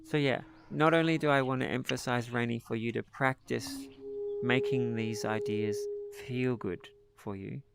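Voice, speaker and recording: A man leading a live group mindfulness session, coaching participants in a gentle, encouraging way over an online call. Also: medium pitch, fairly even intonation, normal speed, creaky, very noisy. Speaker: meditation teacher leading a group.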